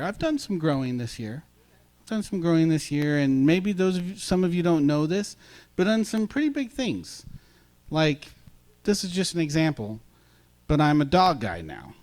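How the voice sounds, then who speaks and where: A man's voice: on the high side, a little mellow. A man preaching a casual sermon as pastor, chatty and self-deprecating, bantering with his congregation.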